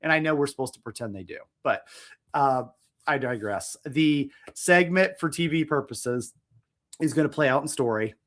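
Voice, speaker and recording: A man's voice: mid-range voice, moderate pace, fairly bright tone. A man co-hosting a wrestling podcast in casual chat, rambling and restarting his sentences, chuckling as he goes. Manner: rambling, self-interrupting, chuckles. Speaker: podcast co-host.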